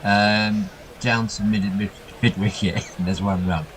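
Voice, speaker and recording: A man giving chatty ball-by-ball cricket commentary, getting excited when the ball reaches the boundary. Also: lowish voice, unhurried, a little hiss or hum, rough recording.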